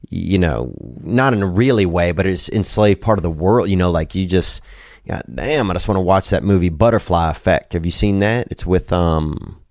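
A man talks in a deep, low register, drifting through loose jokes and asides as he hosts a podcast. His drawling delivery is relaxed and full of casual swearing. The sound is dry and close. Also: dry recording. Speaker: podcast host. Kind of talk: casual rambling podcast talk.

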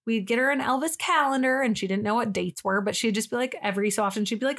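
A woman's voice: fairly high pitch, fast talker, fairly bright tone. A young woman co-hosting a casual podcast, chatty and emotional, swearing freely as she tells a personal story. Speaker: podcast co-host. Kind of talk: casual chat.

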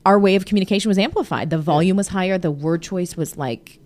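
A woman in her thirties hosts a podcast and chats casually with her husband. Her voice is lowish and fast, and she sounds animated, laughing often and using plenty of fillers.

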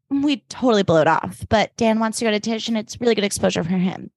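A woman's voice: quick pace, few pauses, dry recording. A young woman co-hosting a podcast, chatting casually and acting out characters' lines with big jumps in voice. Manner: animated, acts out characters' lines with jumps in pitch. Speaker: podcast co-host. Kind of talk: casual recap chat.

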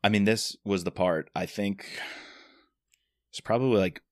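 Low-voiced man retelling a thriller plot. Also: a little slow, dry recording, clean studio sound. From Washington DC area. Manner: animated retelling, acts out characters' lines. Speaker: podcast co-host discussing a novel. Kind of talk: casual chat.

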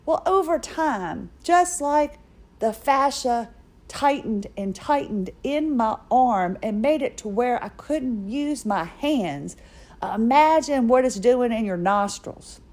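This middle-aged woman hosts a podcast and tells a story from her own life, gabbing along and making fun of herself. She talks slowly but animatedly, in a fairly high voice with a dark tone.

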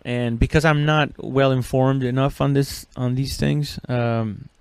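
A man's voice: mid-range voice, steady tone, unhurried, a little mellow, clean tone, dry recording. A man hosting a solo podcast, rambling and cursing, full of fillers and restarts. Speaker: podcast host. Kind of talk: casual solo podcast chat.

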